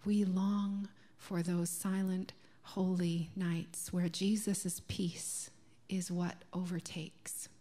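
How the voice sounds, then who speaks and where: Slow, soft-spoken Canadian woman preaching. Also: lowish voice, flat delivery. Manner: slow, gentle and reflective, dropping to a soft near-whisper on key words. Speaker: minister. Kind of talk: sermon. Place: church sanctuary.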